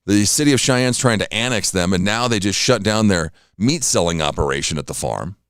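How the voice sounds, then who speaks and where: A man's voice: fairly low pitch, expressive, a little fast, fairly bright tone, clean tone, no echo, clean studio sound. A tired man hosting a casual morning radio show, rambling and self-deprecating, acting out little pleas. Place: radio studio.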